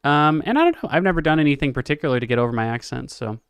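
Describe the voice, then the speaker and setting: Young male streamer from Texas, fairly high and crisp, talking off the cuff, rambling and profane. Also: lively intonation, racing, no room sound. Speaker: political streamer. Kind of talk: casual livestream commentary.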